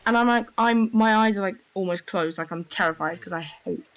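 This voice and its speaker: A young woman telling a rambling, excitable story in casual voice chat, full of fillers. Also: mid-range voice, a little fast, poor audio. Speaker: gamer.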